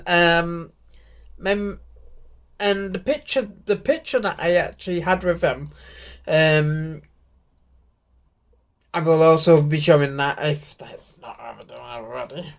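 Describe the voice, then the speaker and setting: Slow, rambling British-born man vlogging. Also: fairly high pitch. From Britain. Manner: rambling and excited, many restarts. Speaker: YouTuber. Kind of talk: casual vlog recap.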